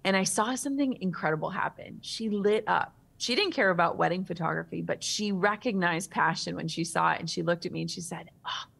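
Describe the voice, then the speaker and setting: A woman in her thirties, a guest author in an interview, telling a personal story in a vivid, animated way. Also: lowish voice, a little fast, vocal fry, few pauses, breathy edge.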